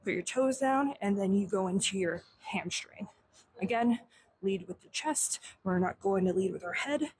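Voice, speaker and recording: A young woman teaching a stretching warm-up, slightly out of breath, counting aloud in Japanese. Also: medium pitch, expressive, moderate pace, husky, no echo, rough recording. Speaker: fitness instructor. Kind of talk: instructional demo while exercising.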